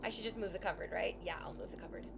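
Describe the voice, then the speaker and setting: A woman's voice: medium pitch, very fast, creaky, very noisy. A woman streaming from home, chatting casually with her viewers in a sarcastic, teasing way and swearing freely.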